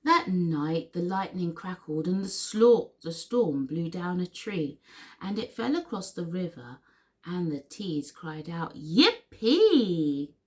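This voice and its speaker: A woman reading a children's picture book aloud for storytime in an expressive, sing-song way. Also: fairly low pitch, measured pace. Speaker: story reader.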